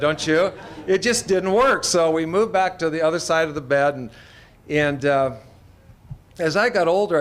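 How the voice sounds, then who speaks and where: A middle-aged man from Idaho, a veterinarian telling folksy anecdotes to an audience and acting out the voices of people in his stories. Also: fairly high pitch. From Idaho, USA. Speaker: veterinarian speaker. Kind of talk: storytelling talk to an audience.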